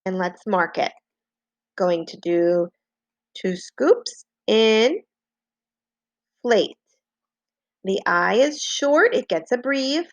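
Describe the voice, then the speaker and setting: A woman teaching a phonics lesson to young children, slowly and patiently dictating and spelling out words. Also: mid-range voice, lively intonation, dry recording. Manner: slow, clear, patient dictation with repeated words.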